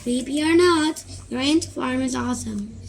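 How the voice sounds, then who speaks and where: A woman voicing a friendly dad who chats with his young son, halting and restarting as she reads. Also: high-pitched, gravelly, background noise. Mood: cheerful. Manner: chatty, teasing, a bit squeamish.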